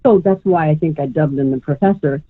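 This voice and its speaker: Low-voiced and brisk, a woman psychic gives a caller a live reading on call-in radio. She's warm and rambles on, using endearments such as "sweetheart," all heard through a tinny phone line.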